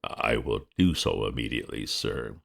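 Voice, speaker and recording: A man voices an unflappable male valet in a storybook reading. The voice sits very deep and rough-edged, and it stays formal, measured and politely deferential throughout. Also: expressive, fairly bright tone, exaggerated voice.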